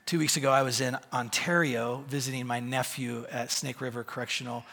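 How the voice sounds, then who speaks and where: A middle-aged male pastor telling a story in a sermon, halting and self-deprecating, with a raspy voice. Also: medium pitch, fairly even intonation, bright, forceful tone.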